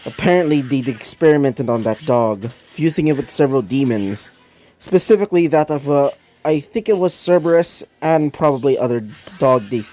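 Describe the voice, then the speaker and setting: A man's voice: mid-range voice, animated, moderate pace, mellow, natural voice. A man voicing an easygoing young man in his own story, speaking casually and with stumbles.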